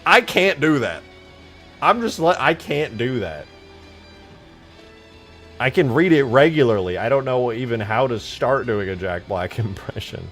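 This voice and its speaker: A young man hosting a casual livestream, hyper and jokey, often bursting into loud shouts. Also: mid-range voice, lively intonation, measured pace, long pauses, faint music behind. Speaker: livestream host and game modder.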